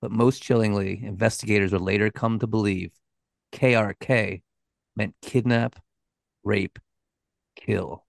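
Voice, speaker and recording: A man co-hosting a true-crime podcast, speaking in a low, gravelly voice. He keeps it laid-back and casual, and the recording is dry and close. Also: fairly even intonation, a little slow, long pauses, no echo. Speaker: podcast co-host.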